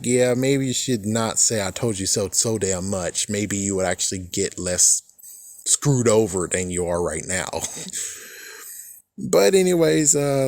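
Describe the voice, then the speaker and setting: A man talks through a TV episode in a loose, rambling recap, swearing often and breaking into laughter at his own jokes. His voice sits at an ordinary middle pitch. The sound is dry and close, with no room echo. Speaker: fan reviewer. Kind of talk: casual recap and commentary.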